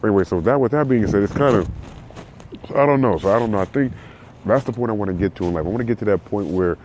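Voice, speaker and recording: A man's voice: fairly low pitch, fast talker, darkish tone. A man from California hosting a casual solo podcast, rambling with lots of restarts and repeats in a slangy way. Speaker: podcast host. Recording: faint background noise.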